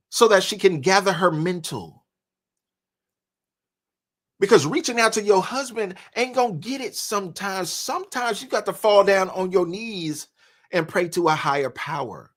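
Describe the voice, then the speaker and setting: A man's voice: high-pitched, a bit bright. A man hosting a live stream, reacting to a video and talking to viewers in a casual, preachy way, stopping now and then to laugh. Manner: conversational, preachy asides, laughs between points. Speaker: commentary live-stream host.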